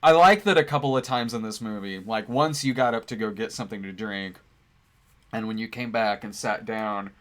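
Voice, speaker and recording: Male co-host, casual film chat, halting and rambling, laughs a lot. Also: on the low side, fairly bright tone. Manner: rambling, halting with fillers and restarts, laughs often. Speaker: movie review co-host. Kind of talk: casual conversational film review.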